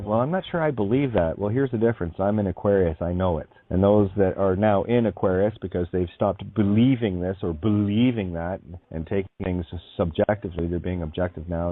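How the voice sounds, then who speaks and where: A man's voice: sits low, dry recording. Man rambling through a story over a tinny line. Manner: meandering, heavy with fillers. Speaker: online speaker. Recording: dry, tinny phone-like sound.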